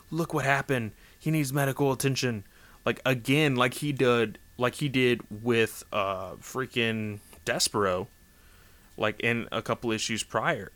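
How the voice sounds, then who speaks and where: A man casually recapping a story in a rambling, animated way, full of fillers. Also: medium pitch. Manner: rambling, animated, lots of "like" and "you know". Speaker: comic book recap host.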